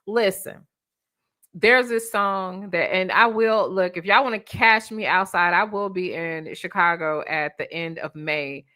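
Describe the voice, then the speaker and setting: A woman's voice: fairly low pitch, fairly even intonation, a little slow, bright, forceful tone. A woman hosting a livestream, teasing her guest and reading out viewer comments. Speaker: livestream host.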